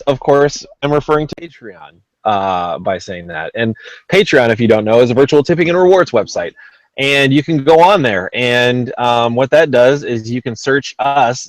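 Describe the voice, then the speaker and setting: A man hosts a casual podcast chat in an easygoing, rambling way, padded with ums and uhs and quick jokes at his own expense. His voice sits at an ordinary middle pitch. The recording is dry, with no room echo. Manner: rambling, lots of ums and uhs, self-deprecating. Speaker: podcast host.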